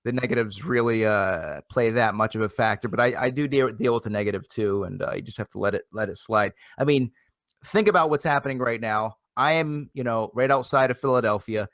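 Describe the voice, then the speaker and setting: A man's voice: mid-range voice, fairly quick, fairly bright tone, no echo. A man hosting a casual live internet talk show, rambling and repeating himself with energy. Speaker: host. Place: home near Philadelphia.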